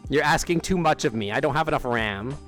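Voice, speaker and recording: A livestreamer sits outside near an amphitheater, faint music in the background, his mid-range voice animated, brisk and a bit bright. Chatting casually, he rambles, drifts off mid-sentence and laughs a lot.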